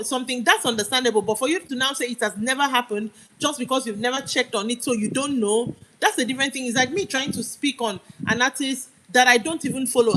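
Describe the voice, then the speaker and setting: On poor audio, a young woman with a Nigerian accent delivers a heated, argumentative live-stream rant, driving each point home. Her voice is high with a fairly bright tone.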